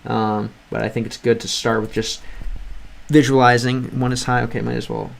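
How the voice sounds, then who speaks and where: Speaking at a moderate pace with vocal fry, this man's medium-pitched voice barely rises or falls. He streams himself learning a language, musing aloud, responding to chat and repeatedly restarting what he's saying.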